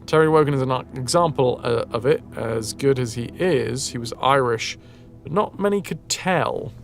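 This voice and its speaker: Chatty northern English streamer, Yorkshire accent. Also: male voice, medium pitch, moderate pace, vocal fry, faint music behind. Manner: chatty, reads out and answers chat messages, muses aloud. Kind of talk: casual live-stream chat while gaming.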